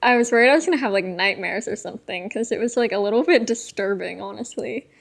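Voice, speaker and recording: A woman's voice: mid-range voice, fast talker, vocal fry. A young woman co-hosting a podcast in casual chat, giggly and rambling with lots of filler words. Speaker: podcast co-host.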